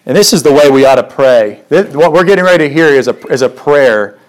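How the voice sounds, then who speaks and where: A man's voice: expressive, a little fast, poor audio. Guy preaching, emphatic, keeps asking the crowd questions, medium voice. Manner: emphatic, rhetorical questions, rises in pitch when stirred. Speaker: pastor. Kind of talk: sermon.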